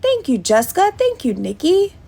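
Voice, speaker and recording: A woman's voice: very high-pitched, wildly swooping pitch, normal speed, gravelly, mellow. A woman chatting on a livestream, indignant, thanking viewers by name. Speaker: livestream host. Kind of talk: casual livestream chat.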